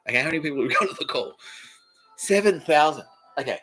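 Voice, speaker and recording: A man's voice: a little high, lively intonation, fast, a bit bright, soft background music, rough recording. A man with an Australian accent hosting a comedy podcast, rambling through a crude, swearing, giggly monologue. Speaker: podcast host.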